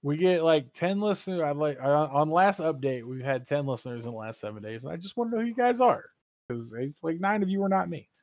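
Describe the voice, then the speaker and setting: A man's voice: on the high side, animated, quick pace, dry recording. Give me a joking, swearing male podcast host on a dry close mic. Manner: rambling, swears freely, jokey. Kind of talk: casual podcast chat.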